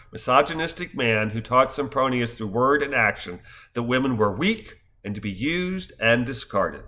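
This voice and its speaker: Bright-voiced man in his fifties. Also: medium pitch. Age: 50s. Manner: wry, wordplay-laden storytelling. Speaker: stage actor. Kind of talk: scripted narration.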